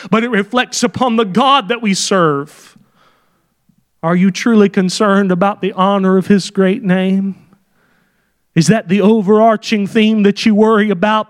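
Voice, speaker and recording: A man's voice: high voice, fairly bright tone. A man preaching a sermon with fervor, sometimes dropping into folksy asides. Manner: fervent, acts out quoted prayers.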